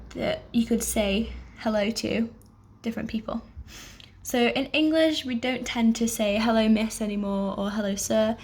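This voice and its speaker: A young woman teaching an online language lesson, patient and clear, pausing to let learners repeat after her. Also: fairly high pitch. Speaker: French teacher.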